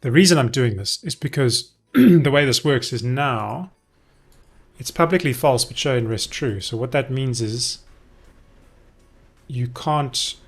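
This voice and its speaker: Thinking out loud during a live-streamed coding session, a man casually walks through what he's doing in a mid-range voice. He says um often and keeps correcting himself.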